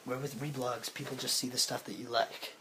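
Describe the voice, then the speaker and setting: A man's voice: mid-range voice, flat delivery, brisk, pushed and bright, roomy sound, a little hiss or hum, rough recording. A young man with a cold, chatting casually as podcast co-host and making dry jokes at his own expense, recorded on a phone lying on a table. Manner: rambling, dry self-mocking jokes. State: sick with a cold. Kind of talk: casual chat. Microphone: phone laid on a table.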